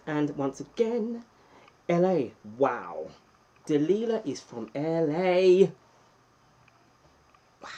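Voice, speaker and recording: A man hosts a casual live stream from home, reading out viewers' names and cheering them on. His voice is warm and mellow with a slightly husky edge, and he jumps into excited bursts between relaxed chatter. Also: fairly high pitch, poor audio. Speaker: livestream host.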